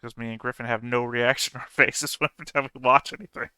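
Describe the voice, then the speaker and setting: A man chatting casually with fellow tabletop players, animated and profane, laughing as he rants. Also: medium pitch, fast, smooth, no room sound. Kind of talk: casual chat between game sessions.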